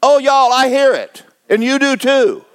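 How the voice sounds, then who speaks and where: Man, seventies, pastor, sermon, high voice, folksy humor, emphatic. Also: a little slow, a bit bright, clear, resonant tone. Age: 70s. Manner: folksy, joking, emphatic preaching.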